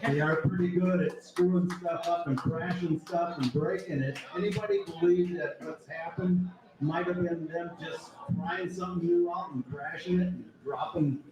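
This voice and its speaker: A man's voice: fairly high pitch, steady tone, normal speed. A man in the audience bluntly asking the panel a skeptical question. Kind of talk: audience question at a live event. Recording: very echoey room with crowd.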